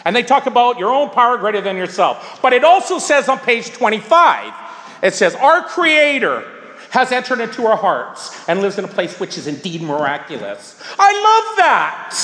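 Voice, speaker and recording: A man's voice: very high-pitched, fairly bright tone, in a large hall. A man sharing his story at a recovery meeting, talking in an emphatic, repetitive, preaching way. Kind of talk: sharing at a twelve-step meeting.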